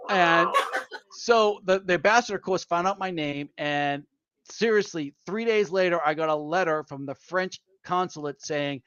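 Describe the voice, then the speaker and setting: Higher-voiced man with a Boston accent. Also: normal speed, clean tone. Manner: animated anecdotal storyteller, addresses listeners as folks. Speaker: veteran telling stories. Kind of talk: casual chat. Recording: dull lo-fi audio.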